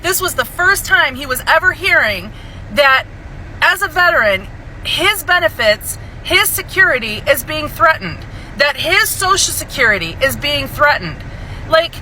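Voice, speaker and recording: A woman's voice: high voice, sing-song, moderate pace, sharp tone, slight background noise, poor audio. A woman telling a story casually and animatedly, swearing freely and acting out both sides of a conversation. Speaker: storyteller in a clip.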